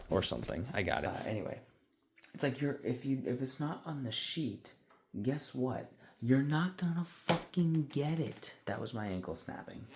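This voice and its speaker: Man, lowish voice, venting casually, exasperated and swearing, faint hiss behind. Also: vocal fry. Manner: exasperated, profane, rambling. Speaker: vlogger.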